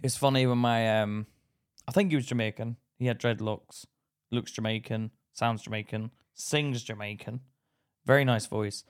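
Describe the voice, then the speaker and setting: A man's voice: medium pitch, fairly even intonation, moderate pace, clean tone. A man co-hosting a podcast, chatting casually in a rambling, often confused way, breaking into giggles. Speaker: podcast co-host. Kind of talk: casual banter.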